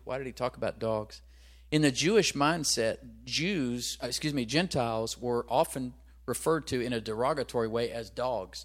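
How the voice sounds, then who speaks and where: A man delivers a sermon in an easygoing, conversational tone, speaking at a middle pitch for a man. He keeps turning to his listeners with rhetorical questions. When a reference slips his mind he hunts for it out loud and starts his sentence over. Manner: searches aloud for references, restarts. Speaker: pastor.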